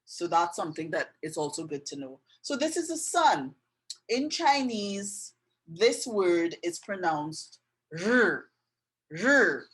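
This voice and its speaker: A middle-aged woman tutor walks through a drawing and writing lesson one step at a time. Her voice sits a little low, and she takes her time, pausing to check that the viewer is following. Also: very animated, husky, rough recording. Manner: patient, checks in with "okay?" often. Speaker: art and language tutor.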